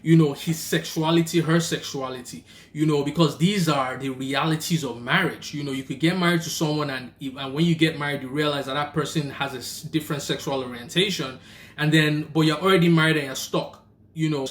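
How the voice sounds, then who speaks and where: A young Nigerian man with a Nigerian accent, telling a personal story and giving faith-based marriage advice in a lively, casual way. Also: fairly high pitch, fairly quick, reverberant. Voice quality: animated, acts out the people in his story. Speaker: vlogger and rideshare driver.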